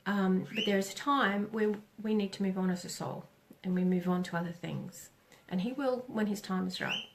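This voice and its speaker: Soft-spoken psychic lady, slow and hesitant, bit gravelly, faint hiss behind. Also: mid-range voice, steady tone. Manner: gentle, halting, many pauses and self-corrections. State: tearful. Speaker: psychic reader on a live stream. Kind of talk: live oracle reading.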